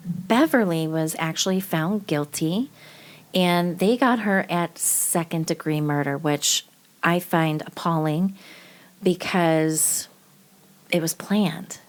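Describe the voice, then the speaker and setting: A woman's voice: fairly low pitch, slow pace. A woman hosting a true-crime podcast, talking casually and bluntly, swearing freely with lots of fillers. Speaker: podcast host.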